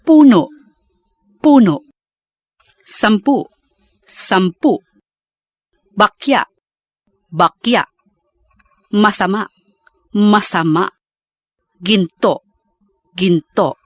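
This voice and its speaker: Female pronunciation model, very slow and deliberate delivery, dry close sound. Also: medium pitch, animated, darkish tone, no room sound. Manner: slow, deliberate, carefully enunciated. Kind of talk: reading vocabulary for learners to repeat.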